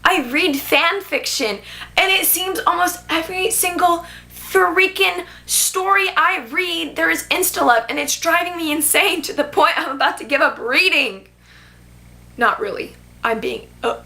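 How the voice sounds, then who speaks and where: A teenage girl chatting casually about books in a vlog, animated and gushing, with lots of filler words. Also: high-pitched, moderate pace. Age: teens. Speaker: booktube vlogger.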